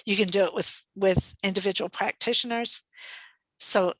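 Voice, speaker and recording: A woman's voice: mid-range voice, steady tone, normal speed, dry recording, poor audio. Reflective woman consultant, dry sound. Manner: reflective, thoughtful, light laughter. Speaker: guest speaker and consultant. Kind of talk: online webinar Q&A answer.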